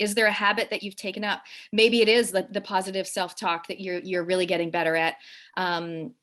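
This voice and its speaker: A woman's voice: medium pitch, fairly bright tone. A woman in her late forties with a Canadian accent, hosting a casual, upbeat livestream interview over a video call. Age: late 40s. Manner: upbeat, chatty, quick. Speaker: host.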